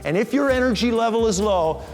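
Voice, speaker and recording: A man's voice: very high-pitched, brisk. A middle-aged man telling a story as a motivational keynote speaker and acting out the lines he quotes. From Canada. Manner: animated, acts out the lines he quotes. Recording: reverberant hall with faint music.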